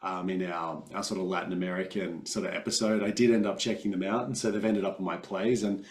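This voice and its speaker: Relaxed Australian man, low voice. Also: quick pace. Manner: relaxed, rambling, filler-heavy. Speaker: podcast co-host. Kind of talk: casual chat. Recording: roomy room sound.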